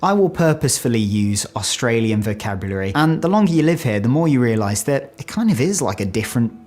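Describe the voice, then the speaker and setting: A man's voice: medium pitch, very animated, fast talker, darkish tone. Chatty self-mocking British man. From United Kingdom. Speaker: video creator. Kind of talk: casual talking-head video.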